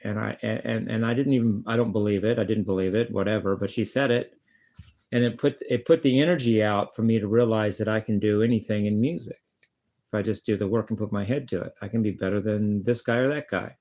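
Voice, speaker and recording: A man rambles bluntly to his camera at home, his voice sitting on the low side. He swears freely and keeps stumbling and repeating words before finishing a thought. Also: fairly even intonation, a little fast, darkish tone. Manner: blunt, swears, many restarts and stammered repeats. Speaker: vlogger, guitarist. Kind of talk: rambling casual monologue.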